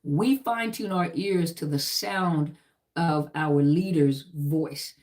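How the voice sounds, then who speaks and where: A woman's voice: sits low, slow pace, darkish tone. A middle-aged woman who served in the army, teaching about trauma in an emphatic, repetitive lecture style full of lists and "you know".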